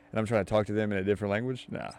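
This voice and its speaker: A man's voice: fairly low pitch, darkish tone. A young man hosting a podcast in casual chat, mashing his words together as he talks. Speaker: podcast host.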